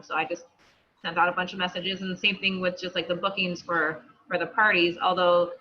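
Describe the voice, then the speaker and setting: A woman's voice: fairly low pitch, level tone. Chatty woman on muffled call audio. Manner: chatty, rambling, quick to laugh. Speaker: participant on a coaching call. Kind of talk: casual chat on a video call. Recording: dull lo-fi call audio with faint noise.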